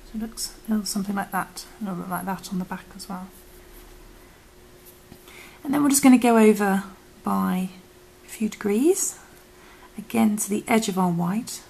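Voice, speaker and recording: A woman teaching crochet step by step, talking softly and often dropping to a whisper while she works, as if losing her voice. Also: medium pitch, moderate pace, gravelly, slight background noise, rough recording. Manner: soft, half-whispered instructions while working. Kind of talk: step-by-step craft tutorial.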